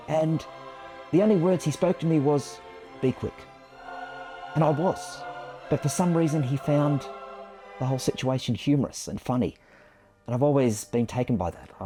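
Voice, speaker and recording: Man in his 50s, photographer recounting a story, warm mellow voice, soft music underneath; storytelling to camera. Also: mid-range voice. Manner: reflective, self-deprecating storytelling.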